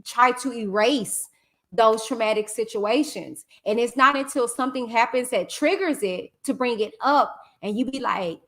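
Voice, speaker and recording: A woman's voice: fairly high pitch, moderate pace, fairly bright tone. A woman in her thirties, a talk show host, speaking reflectively and emotionally in a conversational way.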